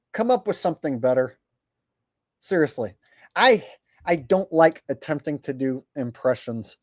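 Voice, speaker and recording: Reading his viewers' super chats aloud in mock voices, a livestream host vents in blunt, profane, exasperated rants during casual chat. His voice is high-pitched and slightly mellow, and the recording is dry.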